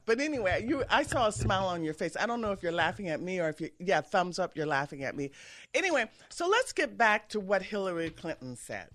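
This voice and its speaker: Animated woman host, emphatic commentary. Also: on the low side. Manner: emphatic, mocking mimicry of others. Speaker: talk show host. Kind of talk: political commentary monologue. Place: radio studio with an engineer.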